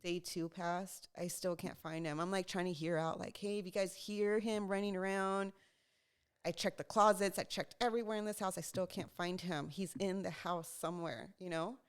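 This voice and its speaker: A young adult woman co-hosting a podcast, telling a story in casual chat, lively and laughing as she acts out what people said. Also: on the low side, normal speed, clear, resonant tone. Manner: animated, laughing, acts out quotes. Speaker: podcast co-host.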